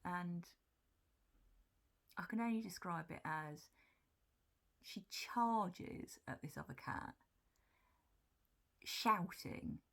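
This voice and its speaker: A woman telling stories about her cats in a soft, breathy whisper, in a whispered role-play style. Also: fairly low pitch, very slow, long pauses. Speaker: cat vlogger.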